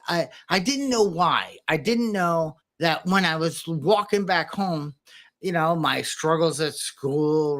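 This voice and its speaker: A man hosting a podcast, talking in a reflective, halting way with restarts. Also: fairly high pitch, a bit bright. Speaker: podcast host. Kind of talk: casual chat.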